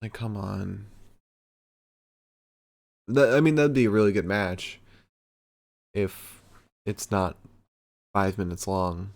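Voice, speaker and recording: Male host, somewhat low voice, blunt and sweary, casual recap. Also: steady tone, gravelly. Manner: blunt and profane, quick to mock. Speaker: podcast host. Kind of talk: casual wrestling recap chat.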